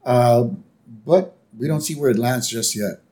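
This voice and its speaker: A man co-hosting a podcast, chatting casually and acting out cartoon lines in quick voices. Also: medium pitch. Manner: animated, acts out character lines in quick voices. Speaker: podcast co-host. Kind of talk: casual chat recapping a cartoon episode.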